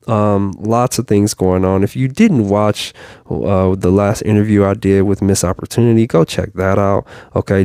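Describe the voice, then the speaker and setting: Hosting a motivational show, a man with a lowish, creaky, warm voice speaks casually and encouragingly to his viewers, repeating himself and calling them y'all. The studio-quality audio is smooth with no room sound.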